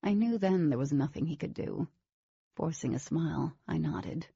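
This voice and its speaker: A woman's voice: deep voice, normal speed, vocal fry, mellow, breathy edge, no room sound, muffled recording, full character voice. A woman narrating a novel as a wary teenage girl, in scripted audiobook style.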